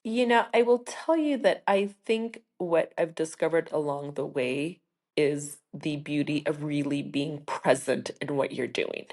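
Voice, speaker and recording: Woman, podcast guest, husky, raspy edge, warm, chatty, laughs easily, casual interview. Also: deep voice, unhurried.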